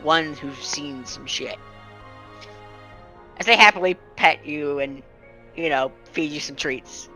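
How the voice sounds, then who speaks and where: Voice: medium pitch, slow, long pauses, pushed and bright, faint music behind. A game master narrating a tabletop role-playing game, describing scenes at length with frequent ums and uhs.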